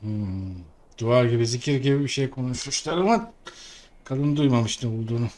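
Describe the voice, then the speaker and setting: Loud guy reacting over gameplay, quick exclaiming asides, middle voice. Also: mid-range voice. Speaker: let's play host. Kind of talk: casual gameplay commentary.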